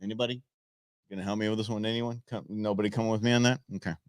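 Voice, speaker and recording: A man's voice: on the low side, flat delivery, very fast, clear, resonant tone, no room sound, clean studio sound. A male talk show host giving combative, sarcastic live political commentary.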